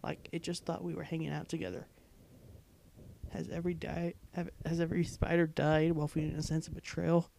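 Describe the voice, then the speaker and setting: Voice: mid-range voice, flat delivery, fairly quick, creaky, darkish tone, slight background noise. A young adult blogger casually reading blog posts aloud late at night, giddy and breaking into fits of laughter.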